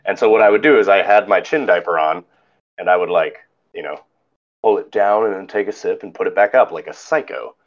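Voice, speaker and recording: A man telling a story in casual chat as a podcast host, animated and acting out the people in it. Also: low voice, brisk, muffled recording. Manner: animated, mimics others in quoted lines.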